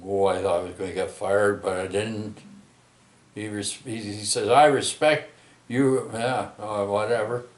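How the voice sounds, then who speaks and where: Rambling man, low voice. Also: level tone, echoey room. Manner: rambling, halting, many restarts and tag questions. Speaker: vlogger telling a personal story. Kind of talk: rambling storytelling monologue.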